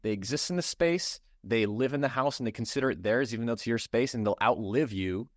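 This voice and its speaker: A man hosting a casual chat, calmly explaining spirit lore in a measured way. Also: mid-range voice, no room sound, clean studio sound.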